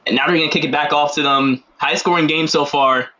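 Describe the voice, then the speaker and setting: A young man calls a game live on stream, cracking jokes and wandering off into slangy asides between plays. His voice sits a little on the high side for a man. The tone stays loose and casual. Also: steady tone, brisk, pushed and bright. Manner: joking, rambling, slangy asides. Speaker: game commentator. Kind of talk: casual livestream play-by-play commentary.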